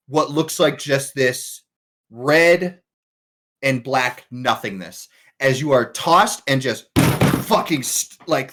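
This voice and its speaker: A man running a tabletop game as game master, narrating haltingly with many fillers. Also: a little high, a bit bright.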